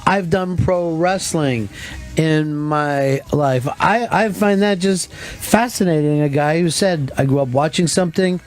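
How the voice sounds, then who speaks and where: A man's voice: a little high, a little slow, faint music behind. Radio host man taking calls. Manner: conversational, reads phone number and introduces callers. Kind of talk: call-in radio talk.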